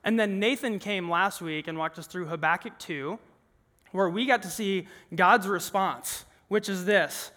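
A young man preaches in a high, bright voice, talking to the room in an earnest, conversational way. His voice rings out with a long reverb from the large hall around him. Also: a little slow. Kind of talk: sermon. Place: large worship room with an audience.

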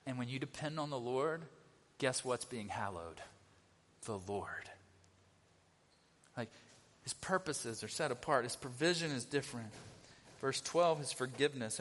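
A man's voice: medium pitch, expressive, unhurried, long pauses, fairly bright tone. A middle-aged male pastor giving a conversational sermon, often asking the congregation questions. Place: church sanctuary. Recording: long reverb of a church hall.

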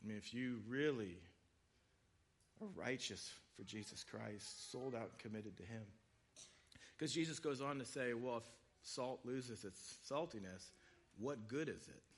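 A man's voice: mid-range voice, unhurried, breathy edge. A man preaching a sermon in a conversational way, acting out quoted voices. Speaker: pastor.

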